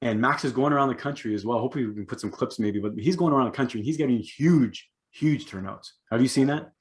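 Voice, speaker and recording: A man talks in a quick, tumbling rush. He co-hosts a casual political discussion and keeps restarting his sentences with emphatic asides. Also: mid-range voice. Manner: rapid, rambling, emphatic with many restarts. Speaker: podcast co-host.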